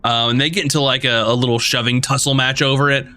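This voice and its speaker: A man's voice: mid-range voice, steady tone, fast talker, pushed and bright, no echo. A man narrating a tabletop game as game master, rambling with lots of fillers.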